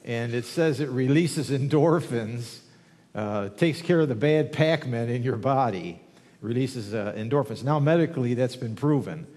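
A man's voice: medium pitch, measured pace, darkish tone. Jovial male preacher in a reverberant church. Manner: folksy, joking, then rising in fervor. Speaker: guest preacher. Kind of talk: sermon with jokes. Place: church sanctuary.

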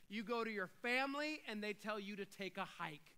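A male pastor preaching a sermon, talking through scripture and building to loud, emphatic declarations. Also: high voice, lively intonation, moderate pace, clean tone, low-quality recording.

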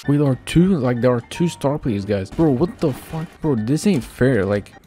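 A man doing gameplay commentary, excitable and laughing often, swearing freely. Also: mid-range voice, normal speed, loud music behind the voice. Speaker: gaming YouTuber.

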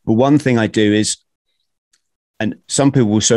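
A man's voice: fairly low pitch, normal speed, darkish tone, no echo, clean studio sound. A man hosting a podcast, chatting informally in a jokey way. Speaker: podcast host. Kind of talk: casual conversation.

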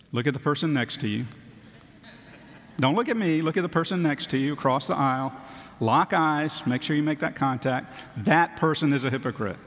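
A male pastor giving a sermon, reading scripture and then explaining it in a relaxed, conversational way with a little self-deprecating humor. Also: a little high. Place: church sanctuary. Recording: long church hall reverb.

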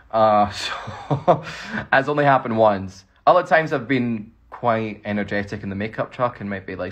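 Scottish man, husky voice, rambling, fan Q&A on a phone livestream. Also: fairly low pitch, a bit bright. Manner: chatty, rambling, laughs often. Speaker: actor answering fan questions. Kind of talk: casual livestream Q&A.

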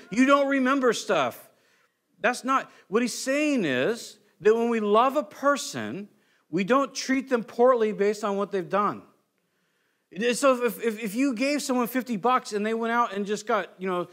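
A male pastor delivers a conversational sermon. His voice sits high for a man, and he breaks into quick acted quotes with plenty of restarts and asides. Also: animated, fairly bright tone.

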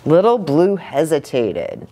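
A woman pastor reading a storybook to children, with gently chatty asides. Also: sits low, sing-song, takes it slowly.

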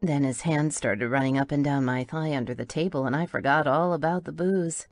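Brief: woman, low-pitched voice, wry playful first-person audiobook narration, soft music underneath. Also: a little fast, no room sound.

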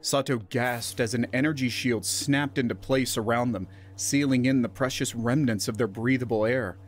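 A man narrating a scripted science fiction story in a steady, even reading voice. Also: medium pitch, moderate pace.

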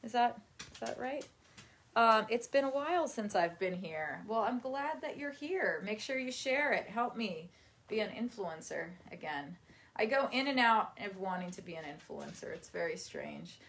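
A woman's voice: medium pitch, animated, normal speed, a bit bright, slightly rough. Rambling, chatty woman live streaming. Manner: rambling and chatty, laughs often, talks to her dog. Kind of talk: casual live-stream chat. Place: at home while folding laundry.

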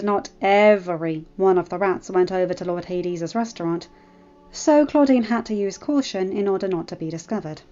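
A woman narrating a fan fiction story in a steady reading voice. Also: medium pitch, dull audio.

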